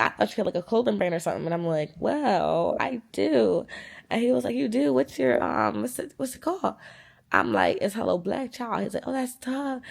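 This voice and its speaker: Retelling an argument in a casual storytime vlog, a woman in her twenties is animated and swears freely, acting out the dialogue she quotes. She speaks with a fairly low pitch and vocal fry.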